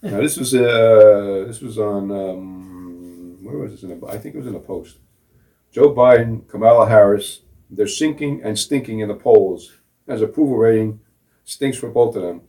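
A man's voice: on the low side, moderate pace, warm tone. A middle-aged man co-hosting a casual talk show, sarcastic and mocking, laughing at his own jokes. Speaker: co-host. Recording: voice from a distance off the mic.

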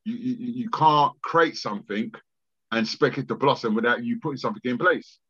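A man's voice: medium pitch, fairly quick, fairly bright tone, husky, no room sound, highs cut off. A man, a music promoter telling stories in a casual podcast interview, rambling and repeating words, swearing freely.

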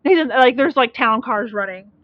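A woman's voice: a little high, moderate pace. A woman animatedly recapping a book in casual chat, playing with the words as she goes. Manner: animated, repeats words playfully. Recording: dull, dry lo-fi audio.

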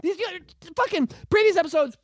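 A podcast co-host in casual chat, ranting with lots of swearing and animated outbursts, recorded on a podcast microphone. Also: extremely high pitch, a little fast, no room sound, clean studio sound.

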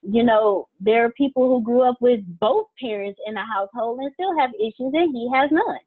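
A woman's voice: a little high, moderate pace, breathy edge. A woman chatting candidly in casual talk, laughing and repeating phrases. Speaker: co-worker of the host. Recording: tinny phone-like line.

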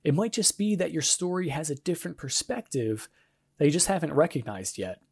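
A man's voice: a little high, lively intonation, brisk, gravelly, husky. A young man hosting a devotional podcast, talking in an earnest, encouraging, conversational way. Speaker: podcast host. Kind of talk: casual devotional podcast monologue.

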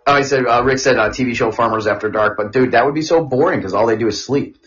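A man's voice: medium pitch, fast talker, a bit bright. A man co-hosting a comedy podcast, loosely joking and giggling through crude banter. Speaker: podcast co-host. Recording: dull lo-fi audio.

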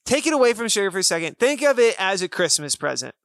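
Man, podcast co-host, high voice, earnest explainer, dry studio sound. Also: big pitch swings, fast talker, a bit bright, no echo. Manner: earnest, explains with everyday examples. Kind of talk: casual faith podcast chat.

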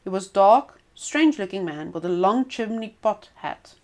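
A woman reading a folk tale aloud as storyteller, expressive with small stumbles and restarts. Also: medium pitch, normal speed.

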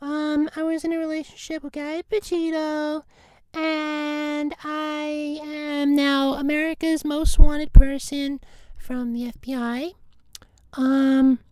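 A woman's voice: sits high, little pitch movement, slow pace, darkish tone, dry recording, clean studio sound. A woman playing a vague young man in an improvised comedy bit, mumbling and full of "like" and "you know". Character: aimless young man denying blame. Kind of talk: improvised comedy role-play.

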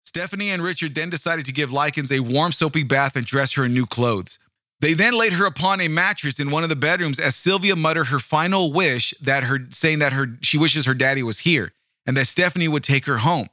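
A man's voice: fairly high pitch, brisk, bright, forceful tone, no echo, clean studio sound. A man hosting a true-crime show, reading the case aloud and breaking off into blunt, profane asides to his listeners. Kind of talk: true-crime narration with commentary.

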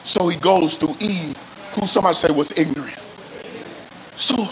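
A male pastor preaching a sermon with call-and-response, often rising into shouts and sung phrases. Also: high voice, moderate pace, pauses often, slight background noise, poor audio. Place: church service.

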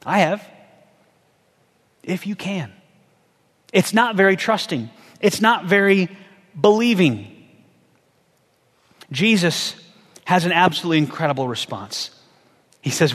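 A man preaching a sermon as a pastor, conversational and animated, firing off rhetorical questions. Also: high-pitched, measured pace, pauses often, big-room sound.

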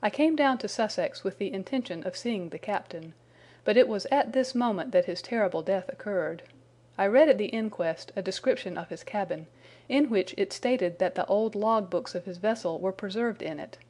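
A woman's voice: mid-range voice, moderate pace, darkish tone, close to an everyday voice. A woman reading the part of an anxious young man confessing his story after his arrest, in an earnest, explanatory way.

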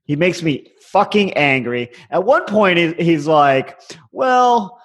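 A man co-hosting a podcast rants in casual chat, swearing freely and sounding indignant. His voice sits high and swings widely in pitch. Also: expressive, measured pace, a bit bright, husky. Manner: profane, indignant ranting. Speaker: podcast co-host.

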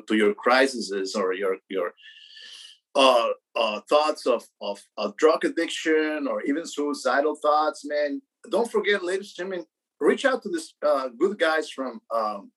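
A New York man with a medium-pitched, fairly bright voice co-hosts a casual beer podcast. He rambles, swears a lot, repeats words, and calls people "bro" and "man." The audio quality is poor.

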